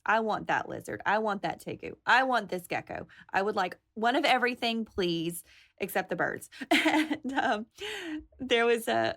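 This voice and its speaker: A woman's voice: medium pitch, fairly bright tone. A woman hosting a podcast, chatting casually and enthusiastically about animals. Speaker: podcast host. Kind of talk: casual chat.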